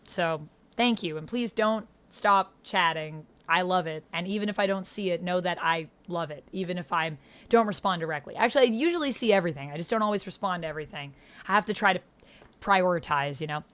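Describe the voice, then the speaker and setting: A young woman streamer chats casually with her viewers and reads their messages aloud. Her voice is lowish and a bit bright, and she talks a little fast.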